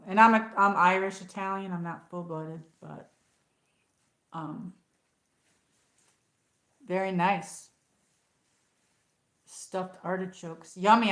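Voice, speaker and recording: A woman's voice: mid-range voice, fairly bright tone, reverberant, rough recording. A woman hosting a casual livestream, chatting in a rambling way with many fillers while answering viewers. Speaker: livestream host. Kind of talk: casual livestream chat reading comments.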